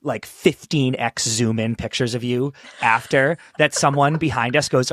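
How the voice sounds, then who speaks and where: A man's voice: medium pitch, steady tone, moderate pace, few pauses, a bit bright, no room sound. Enthusiastic podcast host man, dry mic. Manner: enthusiastic, rambling questions with fillers. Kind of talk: casual interview chat.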